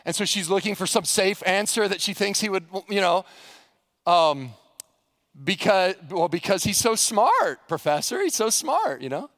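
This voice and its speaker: A male pastor preaching with a high, lively voice that rises and falls as he tells a story. He keeps putting questions to the congregation, and the sound is close and dry. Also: normal speed, dry recording. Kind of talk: sermon.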